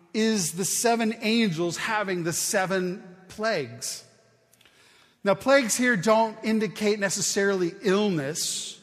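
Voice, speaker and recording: A man delivers a sermon in an earnest, conversational teaching style, often restarting his phrases. His voice sits a little higher than usual for a man. Long reverb trails behind his words, as if he is speaking in a large hall. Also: a bit bright. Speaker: pastor.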